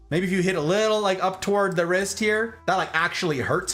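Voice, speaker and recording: A man hosting a casual explanatory chat, jokey and animated, often checking in with "okay?". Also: on the high side, fast talker, few pauses, faint music behind. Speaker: host.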